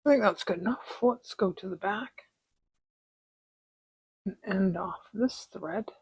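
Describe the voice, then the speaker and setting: A middle-aged woman hosting a relaxed embroidery tutorial from her craft desk at home, with soft, unhurried, chatty asides. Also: medium pitch, husky, no room sound, low-quality recording. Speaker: embroidery video host. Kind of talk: relaxed stitching tutorial chat.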